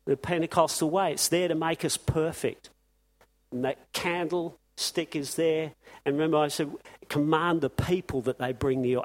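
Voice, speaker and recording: Impassioned preacher man, high-pitched. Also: fairly even intonation. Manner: impassioned, fires rapid rhetorical questions. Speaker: pastor. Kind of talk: sermon.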